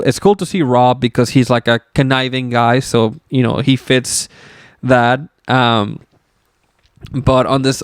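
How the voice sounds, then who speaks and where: A man's voice: mid-range voice, clean tone, dry recording, studio quality. A young man hosting a casual solo podcast, rambling loosely with lots of fillers and some swearing. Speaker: podcast host.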